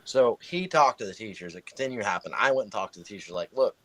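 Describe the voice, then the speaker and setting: Profane low-voiced man telling a story. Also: expressive, fast talker, few pauses, a bit bright, dry recording. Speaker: guest telling a personal story. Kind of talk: casual podcast chat.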